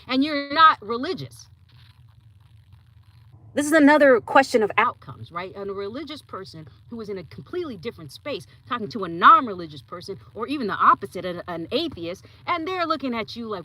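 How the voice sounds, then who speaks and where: A young woman hosting a podcast, talking casually and giving her opinions, often acting out other people's lines in quick put-on voices. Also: on the low side, a little hiss or hum, low-quality recording. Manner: animated, acts out voices in quotes. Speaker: podcast host.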